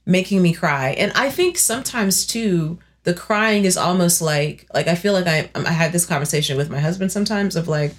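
A woman in her thirties talks casually as a podcast co-host. Her voice sits a little low, and she keeps it animated. She often acts out her own thoughts in playful put-on voices. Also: normal speed, hardly any pauses. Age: 30s. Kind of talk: casual chat.

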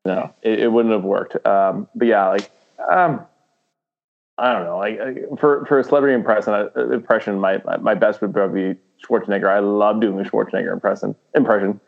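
A man talks loosely and rambles, circling back over his words with plenty of fillers. His voice sits fairly low, and the recording sounds dull and lo-fi. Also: moderate pace. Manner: rambling, with many fillers and restarts, slipping into impressions. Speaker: podcast guest, aspiring voice actor. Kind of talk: casual chat.

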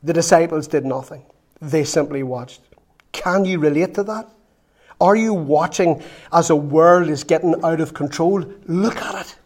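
Man, preacher, sermon storytelling, lively acted quotes, a little high voice. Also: normal speed. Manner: storytelling, animated, acts out quotes.

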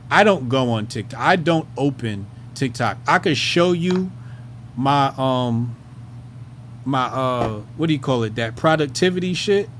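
Casual male host with an even, middling voice, chatting off the cuff, swearing a lot and stalling on "um" while he fumbles around. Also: medium pitch, slight background noise. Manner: rambling, loose, swears freely, trails off with "um". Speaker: host of a commentary show. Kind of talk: casual profane commentary.

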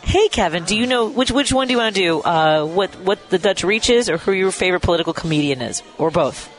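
A man's voice: sits high, animated, a little fast, a bit bright, soft background music, low-quality recording. A man hosting a live radio call-in show from a restaurant, chatty, laughing often and correcting himself as he goes. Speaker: radio host.

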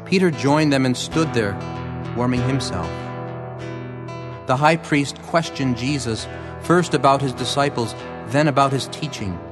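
A man reading a scripture passage aloud in an even, measured way. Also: medium pitch. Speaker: scripture narrator. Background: faint guitar music.

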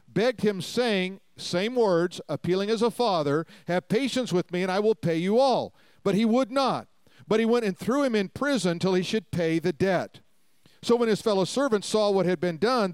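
A man delivers a sermon in a high, ringing voice, reading scripture and driving each point home with emphatic repetition. The sound is close and dry, with no room around it. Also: smooth, no echo. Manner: reads scripture aloud and expounds with emphatic repetition. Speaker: preacher.

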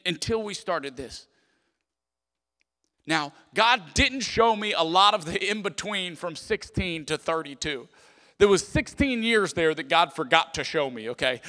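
A man, preaching a lively conversational sermon as pastor, often checking in with the congregation. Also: on the high side, in a large hall. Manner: animated, conversational preaching with frequent "okay?" asides.

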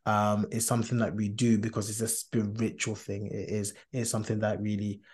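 A man's voice: fairly low pitch, flat delivery, brisk, darkish tone. A man hosting a casual podcast chat, earnest and talkative, with many fillers and restarts, laughing easily. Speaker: podcast host.

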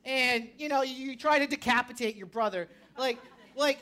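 Bright-voiced woman preaching a sermon. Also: high-pitched, normal speed. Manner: animated storytelling, rising to shouts. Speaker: pastor.

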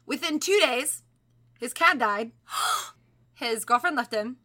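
A young woman casually telling a haunted doll story on a podcast, animated and swearing, often laughing. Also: a little high, slow pace.

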